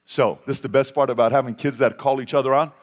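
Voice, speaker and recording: A man giving a motivational talk to an audience, telling a family story with animated swings from loud to hushed. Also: medium pitch, quick pace. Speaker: speaker.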